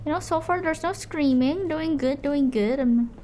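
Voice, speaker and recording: A young woman streaming a game live, teasing her chat and breaking into shrieks and shouts. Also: sits high, moderate pace, slight background noise. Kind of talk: live gameplay commentary.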